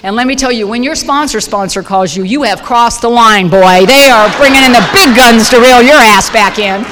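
A woman in her fifties from Southern California, sharing a wry, lively personal story with a support group meeting. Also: fairly high pitch, moderate pace. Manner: lively, wry, acts out her own reactions. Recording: long hall reverb, faint noise.

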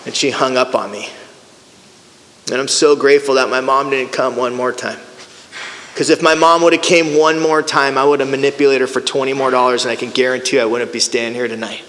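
A middle-aged man giving a personal recovery testimony, storytelling in an animated way and acting out the voices of the people in it. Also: mid-range voice, brisk, slight background noise. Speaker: recovery speaker. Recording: hall with long reverb.

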